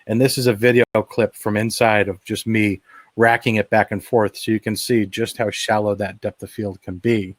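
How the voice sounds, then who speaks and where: A man's voice: mid-range voice, no echo. A man presenting a live webinar, narrating his own demo video in a casual, enthusiastic, explanatory way with frequent fillers and restarts. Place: at home.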